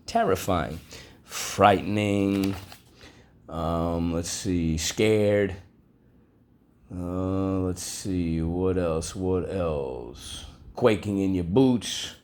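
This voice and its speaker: A man teaching a vocabulary and phonics lesson, drawing out each word slowly and deliberately. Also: low voice, darkish tone. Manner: slow, deliberate, with drawn-out modeled words.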